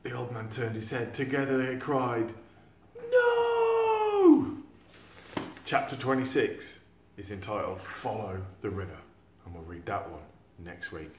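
A man reading a storybook chapter aloud to a class, animated and acting out sound effects. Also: fairly low pitch, moderate pace, noisy background. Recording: echoey room.

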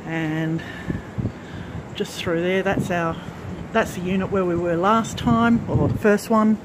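A woman's voice: lowish voice, fairly even intonation, slow, background noise. A woman vlogger giving a casual, rambling tour of her farm lodge unit on a handheld phone, correcting herself as she goes. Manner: chatty, rambling, self-correcting. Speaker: craft channel vlogger. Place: farm lodge unit, indoors and on the back porch.

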